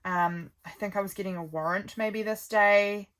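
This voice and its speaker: A woman's voice: mid-range voice, fairly even intonation, moderate pace, fairly bright tone. A woman, casually chatting and rambling as she flips through her calendar, with lots of ums. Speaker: vlogger.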